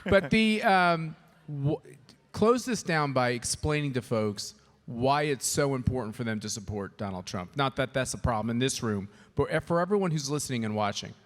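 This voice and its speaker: A man's voice: mid-range voice, lively intonation, normal speed. A man moderating an on-stage conversation, asking questions with joking, partisan banter. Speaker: interviewer, moderator. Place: conference hall with an audience. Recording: long hall reverb.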